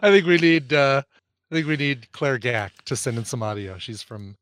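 A man's voice: medium pitch, animated, moderate pace, a bit bright, dry recording. A man co-hosting a podcast, chiming in with short reactions in casual chat. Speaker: podcast co-host.

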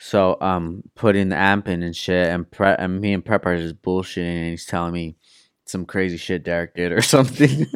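Deep, smooth-voiced man telling stories. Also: moderate pace, dry recording, studio quality. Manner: laid-back storyteller, heavy slang and swearing, laughs often. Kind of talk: casual chat.

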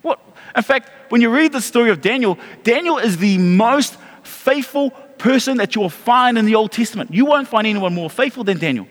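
A man preaching a sermon as pastor, animated, repeating himself and restarting phrases. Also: very high voice, brisk, big-room sound.

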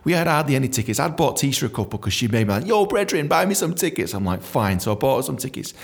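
A man's voice: mid-range voice, expressive, rapid-fire, creaky. A young adult man from England telling a story casually, swearing often and saying "man" a lot. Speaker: podcast storyteller.

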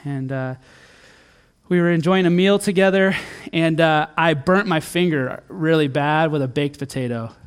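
A middle-aged man preaching a sermon in church, earnest, rising to emphatic peaks and then dropping soft and low. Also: moderate pace, smooth. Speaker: pastor.

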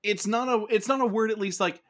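A man's voice: high voice, a little fast, fairly bright tone. A young man co-hosting a casual podcast, talking in rambling bursts full of restarts and fillers. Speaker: podcast co-host. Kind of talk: casual comedy podcast chat.

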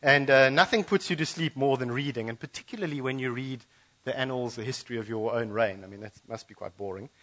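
A pastor preaching to his church, telling a Bible story and acting out the characters' lines in lively voices. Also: mid-range voice, fast talker, low-quality recording. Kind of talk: sermon.

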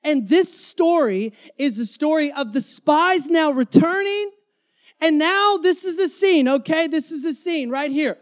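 A man's voice: very high-pitched, lively intonation, measured pace. A man preaching a sermon to his church in a dynamic, emphatic style, acting out the lines he quotes. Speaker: pastor. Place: church before a congregation.

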